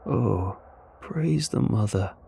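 A man voicing a stranded male alien in a storybook reading, speaking slowly in a low, gravelly voice. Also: darkish tone, a little hiss or hum, full character voice. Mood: pleading. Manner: slow, drawn-out delivery. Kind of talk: storybook narration.

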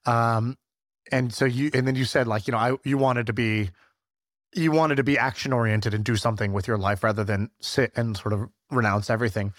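A male podcast host asks his guest questions in a loose, conversational way. His voice sits at an ordinary pitch. The recording is dry and close, with no room sound. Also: steady tone, a little fast, no echo. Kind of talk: interview questions.

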